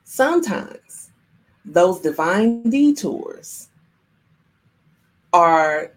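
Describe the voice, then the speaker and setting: A woman in her younger adult years hosts a spiritual livestream and talks straight to her viewers. Her voice sits a little low. She keeps slipping into playful voices to act things out. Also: very animated, extremely slow, low-quality recording. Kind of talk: live-streamed spiritual talk.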